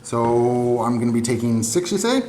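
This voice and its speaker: A man's voice: mid-range voice, very animated, normal speed, a little mellow. A man hosting a tabletop battle report, talking through his moves in a casual, self-deprecating way. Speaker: tabletop game player and channel host. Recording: echoey room with faint noise.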